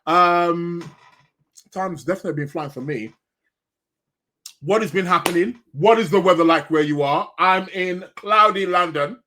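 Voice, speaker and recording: A man's voice: sits high, measured pace, bright, forceful tone, slight background noise. A man hosting an astrology podcast live stream in a casual, rambling chat, greeting viewers by name and munching snacks as he talks.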